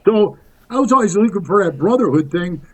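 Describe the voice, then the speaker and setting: High-voiced man in his sixties. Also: expressive, brisk, a little mellow, poor audio. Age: 60s. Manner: rambling, tough-talking, calls the host "bro". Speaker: guest. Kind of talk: casual storytelling interview.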